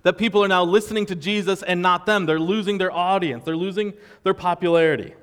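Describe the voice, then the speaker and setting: A man's voice: sits high, a little fast, a bit bright, clean tone, long reverb tail. A man preaching a sermon in a conversational, wry way, walking through a passage. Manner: conversational, wry, acts out quoted voices. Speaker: pastor.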